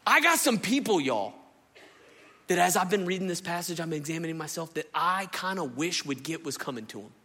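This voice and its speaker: A man, preaching a sermon in a lively, conversational way and often turning to the congregation. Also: on the high side, fairly quick. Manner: animated, conversational preaching, addresses crowd as y'all. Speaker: pastor. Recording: echoey hall.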